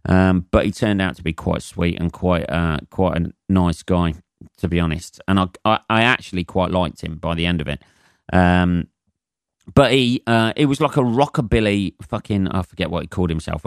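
A man's voice: low voice, clear, resonant tone, no room sound, clean studio sound. A man in his forties from England hosting a solo comedy podcast, rambling and swearing, with lots of fillers and chuckles at his own jokes.

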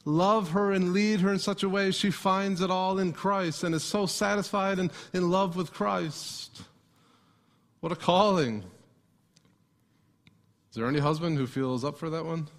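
Man preaching a sermon, fairly high voice. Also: fairly even intonation, unhurried, fairly bright tone. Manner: preaching with rhetorical questions to the congregation. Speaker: pastor.

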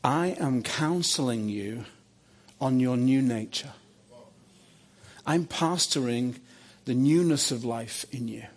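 A preacher voicing Jesus speaking to him in a dream, insistently repeating his demand and then talking softly and tenderly. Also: mid-range voice, takes it slowly, long pauses, slightly rough, pitched below the performer's own voice. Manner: soft and tender when gentle.

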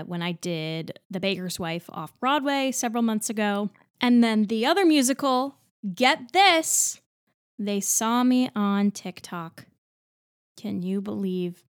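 A woman's voice: mid-range voice, no room sound, clean studio sound. A woman in her twenties, a musical theater actor, hosting a solo podcast in an upbeat, chatty and enthusiastic way. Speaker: podcast host.

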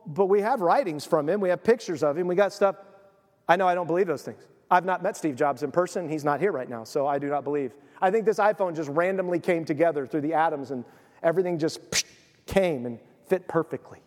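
A man preaching in a church sanctuary, his voice very high for a man and carried by a long hall reverb. He tells stories with animation and slips into the voices of the people he describes. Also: a little fast. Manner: animated storytelling, acts out quoted voices. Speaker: pastor. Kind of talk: sermon.

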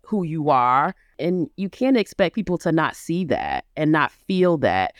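Smooth, clear voice in a podcast discussion. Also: mid-range voice, big pitch swings, unhurried, no room sound, studio quality. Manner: reflective, builds points step by step. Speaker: podcast co-host. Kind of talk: casual book discussion.

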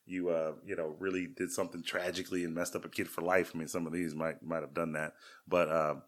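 Guy in his 30s on a podcast, kinda low voice, rambling self-deprecating dad stories, lots of restarts. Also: level tone, fast talker. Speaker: podcast co-host. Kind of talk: casual storytelling chat.

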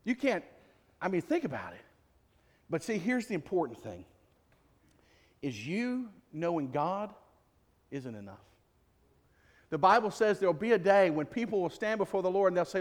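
A man's voice: high voice, very animated, moderate pace, long pauses. A man preaching a sermon as pastor, in a conversational, jokey way full of rhetorical questions. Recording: long reverb of a large hall.

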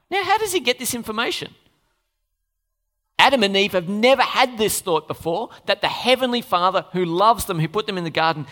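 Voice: medium pitch, sharp tone. A preacher giving a sermon in a conversational way, asking the congregation questions and adding playful asides. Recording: long reverb of a large hall.

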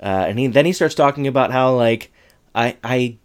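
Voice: mid-range voice, normal speed. Co-host with dry, joking asides. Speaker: podcast co-host. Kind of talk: casual episode recap.

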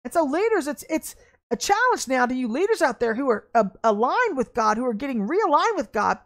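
A woman ministry leader preaching an online sermon, fervent and emphatic, with blunt, folksy talk and bursts of excitement. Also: sits high, fairly quick.

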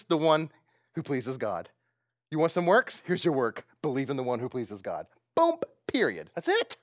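Animated preaching man, lively pitch. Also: no room sound, clean studio sound. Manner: animated and conversational, asks the audience questions; laughs often while preaching. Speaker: pastor. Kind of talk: sermon.

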